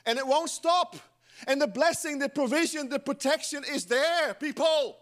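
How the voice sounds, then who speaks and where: In church, a middle-aged pastor with a very high voice delivers his sermon at a moderate pace. His manner is lively, and he keeps slipping in jokes aimed at the congregation.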